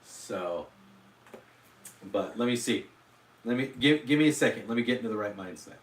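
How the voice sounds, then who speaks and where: A man's voice: medium pitch, animated, normal speed, distant mic, background noise. A man hosting a casual livestream, rambling and self-deprecating, with lots of fillers and restarts. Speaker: livestream host. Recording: roomy echo.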